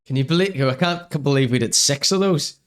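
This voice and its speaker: A man's voice: mid-range voice, a little fast, a bit bright. A man hosting a comedy podcast, mocking and sarcastic as he reacts to clips. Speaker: podcast host.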